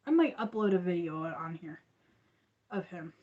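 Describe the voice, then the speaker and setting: A woman's voice: lowish voice, normal speed, warm tone, muffled recording. A woman hosting a crochet livestream, chatting casually and rambling with frequent laughs.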